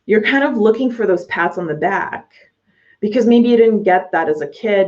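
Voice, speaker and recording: A woman's voice: on the low side, darkish tone. A woman coaching her audience directly in a blunt talk, swearing freely as she goes. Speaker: business coach. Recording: slightly dull lo-fi audio.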